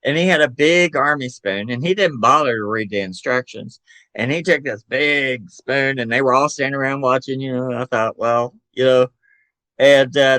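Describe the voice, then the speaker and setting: An older man with a Southern American accent, telling animated family stories as a podcast guest and acting out voices. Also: mid-range voice, no echo. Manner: animated storyteller who acts out relatives' voices. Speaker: podcast guest, psychic medium and author. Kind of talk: casual storytelling interview.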